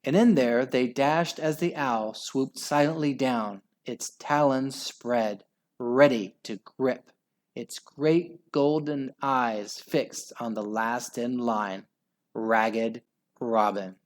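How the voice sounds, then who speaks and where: A man reading a children's book aloud with slow, expressive storytelling. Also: medium pitch. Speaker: storybook reader.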